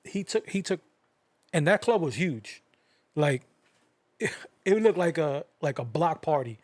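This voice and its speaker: A man's voice: on the high side, lively intonation, measured pace, no room sound. A man hosting a podcast, telling stories casually with lots of fillers. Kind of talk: casual podcast chat, storytelling.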